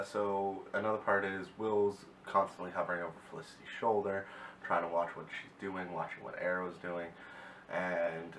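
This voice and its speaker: A man's voice: low-pitched, fairly bright tone, recorded from a distance. A man casually recapping a TV episode, rambling and often correcting himself. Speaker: TV episode reviewer. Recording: echoey room, mic set back, faint hiss.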